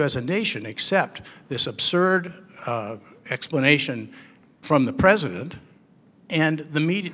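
A man's voice: mid-range voice, fairly bright tone, slightly rough. A man from the audience, an Army veteran, asking a long, earnest question. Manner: earnest, rambling.

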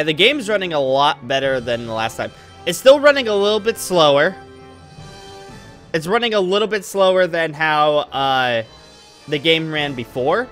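A man's voice: on the high side, a bit bright. A young man hosting a gaming channel, giving casual, goofy, rambling commentary while he plays. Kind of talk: casual let's play commentary. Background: game music.

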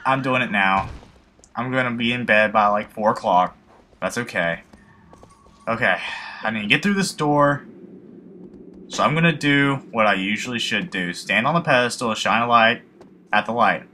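A man's voice: medium pitch, normal speed, pauses often, bright, forceful tone, slight background noise. A young man commenting casually on a video game he plays, emotional, rambling and swearing often, mocking himself. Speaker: let's play gamer.

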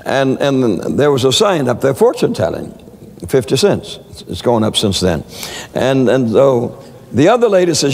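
A man preaches with a gravelly, rough-edged voice and tells stories with many stammered repeats. His pitch sits in a middle range. A long reverb from a large hall hangs behind his words. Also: big pitch swings, moderate pace, a little mellow. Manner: storytelling with frequent stammered repeats. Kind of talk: sermon.

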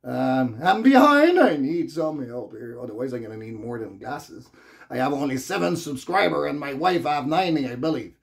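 A man with a Quebec French accent rambles through a casual vlog rant to camera. He talks in loose, non-native English and swears freely, his voice sitting at an ordinary middle pitch. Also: moderate pace, gravelly. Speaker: vlogger.

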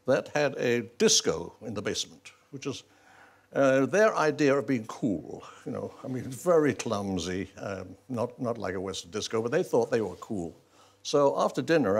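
An older man spins a wry anecdote in a television studio, his voice gravelly and a little husky. His pitch rises and falls a lot as he tells it, and he chuckles between lines. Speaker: interview guest. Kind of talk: anecdotal storytelling in a talk show interview.

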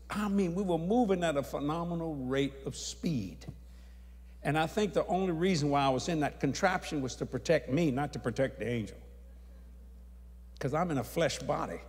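Man, preacher, folksy storyteller, slightly high voice, long reverb of a big hall. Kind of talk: storytelling sermon.

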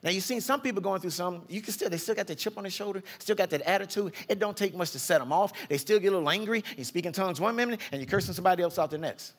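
Male pastor, fairly high pitch, chatty sermon delivery with acted-out quotes. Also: racing, few pauses. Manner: conversational preaching, acts out quotes with big pitch jumps.

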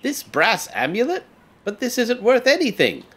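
A man's voice: very high voice, wildly swooping pitch, moderate pace, a bit bright, slight background noise, pitched above the performer's own voice, heavily acted. A man voicing a timid, loyal young male market worker in a game, nervous and stammering. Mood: pleading.

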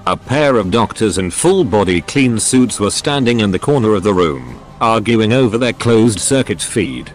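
Lively, low text-to-speech male narrator. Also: moderate pace, few pauses, faint music behind. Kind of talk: synthetic voice reading a story.

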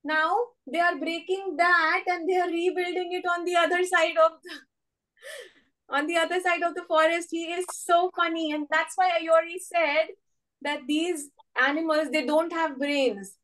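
A woman's voice: very high voice, little pitch movement, a little slow, fairly bright tone, rough recording. A woman with an Indian English accent teaching children in an online storybook class, explaining and coaxing with repeated words for emphasis.

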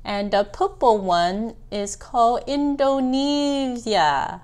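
Woman doing a silly high baby puppet. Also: animated, very slow, clear, resonant tone, heavily acted. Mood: cheerful. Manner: silly voice that mispronounces words. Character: silly little baby puppet, eager and stubborn. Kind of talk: puppet show for children.

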